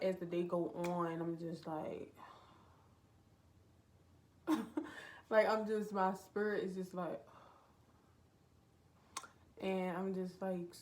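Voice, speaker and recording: A woman's voice: lowish voice, little pitch movement, measured pace, long pauses, slight background noise. A young woman vlogging in a casual, confessional way, rambling and heartfelt with lots of filler words, talking from indoors at a relative's home. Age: young adult. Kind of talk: casual confessional vlog chat.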